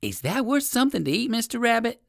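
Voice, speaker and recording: A reader putting on an excited little circus poodle. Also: fast talker, creaky, dry recording, studio quality. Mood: eager. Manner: high, excited and eager. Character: small friendly male circus poodle. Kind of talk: storybook reading.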